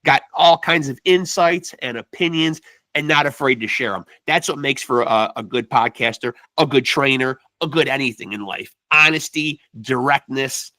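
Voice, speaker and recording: Bright-voiced casual podcast host man. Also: medium pitch, moderate pace, dry recording. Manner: loose, profane, drops "man" constantly.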